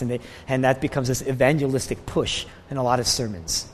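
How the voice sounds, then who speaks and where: A man preaching a sermon as a pastor, speaking emphatically, with his voice swelling and then dropping to a hush. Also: fairly even intonation, fairly quick. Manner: emphatic, rising and falling in pitch and loudness, sometimes dropping to a hush. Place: church sanctuary. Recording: long hall reverb.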